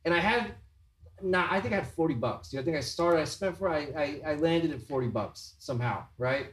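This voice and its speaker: Roomy, animated man telling a story. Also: a little high, fairly quick, recorded from a distance. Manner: animated, swearing, acts out quoted voices. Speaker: podcast host, tattoo artist. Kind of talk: casual storytelling chat. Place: tattoo shop room. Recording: roomy, off-mic sound.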